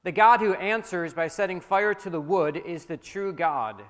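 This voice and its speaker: A man voicing a defiant old male prophet who speaks out loud and forceful, with long hall reverb. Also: high voice, moderate pace, voice pushed up. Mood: commanding.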